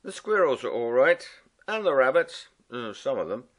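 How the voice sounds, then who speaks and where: A man voicing a cheerful, bossy male water rat in a storybook reading, brisk and fussy. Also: mid-range voice, sing-song, fairly bright tone, voice pushed up. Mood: chatty.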